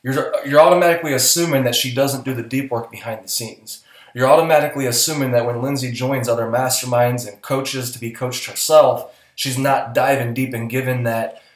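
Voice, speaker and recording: Earnest male podcast co-host, roomy sound. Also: mid-range voice. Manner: earnest, coaching, blunt with swearing. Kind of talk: casual podcast chat.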